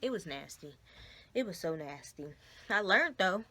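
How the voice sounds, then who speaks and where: Unhurried, bright-voiced woman vlogger. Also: fairly low pitch, expressive. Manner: chatty, addresses viewers as y'all and guys. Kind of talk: casual storytime to camera. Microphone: phone camera.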